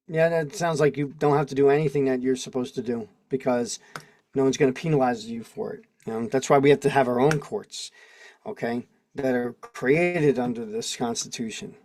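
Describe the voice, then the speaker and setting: A man's voice: mid-range voice, fairly even intonation, unhurried, long pauses, a little mellow. A man hosting a casual livestream, preaching with strings of rhetorical questions and answering chat comments, heard through a video call microphone. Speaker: livestream host.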